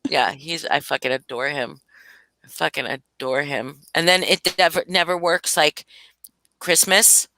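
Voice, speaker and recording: An older woman, a grandmother, hosting a casual live-stream chat, telling animated stories that are peppered with swearing and laughter. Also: low voice, measured pace, slight background noise. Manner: swears freely, laughs often, animated storytelling.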